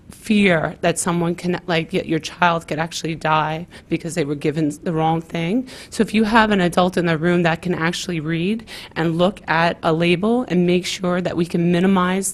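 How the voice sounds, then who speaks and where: A woman speaking as a parent during public comment at a school board meeting, emotional and retelling a frightening story with quoted dialogue. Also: on the low side.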